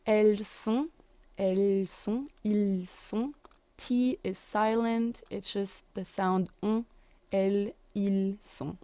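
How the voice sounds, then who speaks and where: Slow, dry-voiced young woman teaching French. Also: mid-range voice, warm tone, no echo. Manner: slow, careful pronunciation drills. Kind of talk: language lesson.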